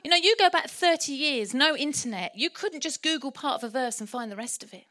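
A woman delivering a sermon in church, lively, humorous and animated. Her voice sits high and has a bright edge, and it keeps the congregation engaged. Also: brisk. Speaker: preacher.

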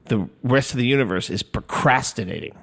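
A man's voice: medium pitch, expressive, brisk, gravelly, fairly bright tone. A man in his fifties hosting a solo podcast in a studio, rambling, self-deprecating and swearing freely. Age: 50s. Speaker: podcast host. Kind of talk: casual solo podcast monologue. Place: recording studio. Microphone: studio microphone.

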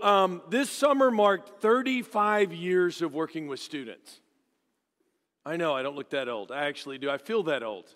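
A middle-aged man with a high, bright speaking voice delivers a joking, animated storytelling sermon, slipping into acted-out voices. His words ring with a long reverberant tail around a church hall. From Dallas, Texas. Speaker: guest preacher. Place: church sanctuary.

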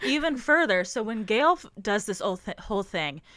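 A woman's voice: medium pitch, big pitch swings, fairly quick, a bit bright, no echo, studio quality. A woman co-hosting a podcast, talking casually and bluntly about a novel, swearing freely. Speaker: podcast co-host. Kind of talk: casual book-club chat.

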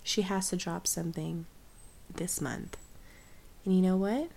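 A young adult woman co-hosting a podcast, chatting casually as an enthusiastic pop fan who pushes back quickly. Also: on the low side, gravelly, darkish tone. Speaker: podcast co-host. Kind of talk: casual chat.

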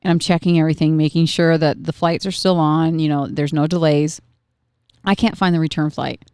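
A woman in her thirties co-hosts a podcast, telling stories in casual chat and animatedly acting out her kids' voices. Her voice is low, fairly quick and clean, recorded at studio quality with no room sound.

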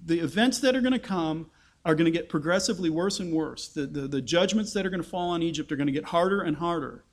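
A man's voice: on the high side, quick pace. A man preaching a conversational Bible-teaching sermon, asking his listeners rhetorical questions.

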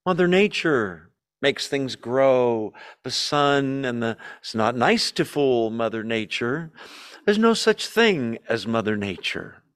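A man's voice: takes it slowly, clear, resonant tone. A man preaching as a pastor, teaching verse by verse through a Bible passage in a conversational way, often asking his listeners questions. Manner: conversational, asks the audience questions, lively shifts in pitch.

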